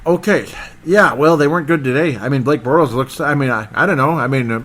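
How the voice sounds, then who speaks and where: Rambling, excitable football podcast man. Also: mid-range voice, fairly quick. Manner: rambling, excitable, loses his train of thought. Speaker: sports podcast host. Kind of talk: casual football recap.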